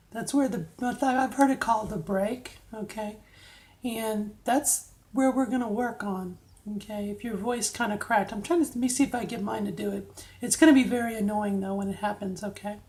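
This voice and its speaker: Middle-aged woman, vlogger, friendly coaching tone, slightly high voice, keeps asking "okay?". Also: darkish tone. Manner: chatty, coaching, frequent "okay?" check-ins. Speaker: vlogger giving voice training tips. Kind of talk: casual instructional vlog.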